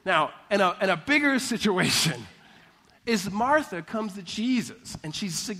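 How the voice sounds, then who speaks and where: A man with a high voice preaches a sermon in a church, telling stories with lots of energy and laughing as he goes. He acts out both sides of the dialogue in his stories, then turns serious and rises in fervor when he comes back to his main point. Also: unhurried. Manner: animated storytelling, acting out dialogue, laughing often. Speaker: pastor.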